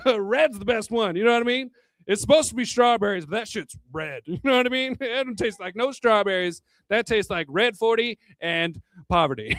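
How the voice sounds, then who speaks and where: High-voiced, crude, tipsy stand-up comic. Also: male voice, expressive, normal speed, fairly bright tone, no room sound, clean studio sound. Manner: crude, rambling, chuckles at his own jokes. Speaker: stand-up comedian. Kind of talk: stand-up comedy set. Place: bar hosting a live comedy night. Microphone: handheld microphone.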